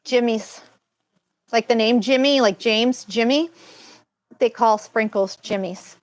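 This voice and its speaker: A woman's voice: a little high, slow pace, dry recording, low-quality recording. Chatty woman on a live stream. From Massachusetts. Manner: chatty, rambling, laughs often. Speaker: co-host of a live chat stream. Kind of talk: casual live-stream chat.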